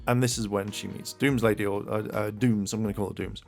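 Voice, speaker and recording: A man's voice: lowish voice, fairly quick, vocal fry, soft background music. Rambling man reviewing an episode. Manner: rambling, many fillers and restarts, excitable. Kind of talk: casual video review.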